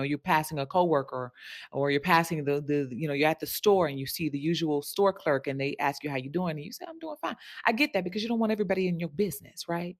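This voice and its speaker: A woman speaking as a sensuality coach in a casual monologue, chatty and candid, often tossing in "right?". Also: low voice. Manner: candid and frank, swears casually. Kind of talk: casual direct-to-camera monologue.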